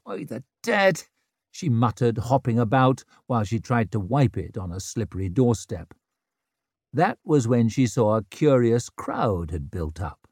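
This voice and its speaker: Male audiobook reader, animated, bone-dry close mic. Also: lowish voice, no room sound. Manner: expressive, voices every character. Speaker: audiobook narrator. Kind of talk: scripted narration.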